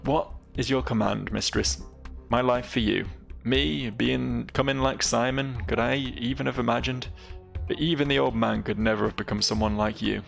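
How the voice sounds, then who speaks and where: A man reading the lines of a sly, repentant male gang boss in rough folksy speech. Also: medium pitch, steady tone, moderate pace, faint music behind. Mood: devoted.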